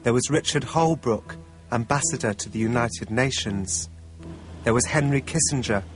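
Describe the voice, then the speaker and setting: A man narrating a documentary in the first person, in a wry, measured way. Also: mid-range voice, over music.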